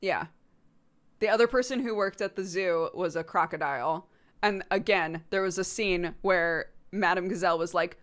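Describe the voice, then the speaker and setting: A woman hosting a livestream, chatting casually in an animated way, laughing often and swearing now and then. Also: on the low side, normal speed. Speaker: livestream host. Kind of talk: casual stream chat.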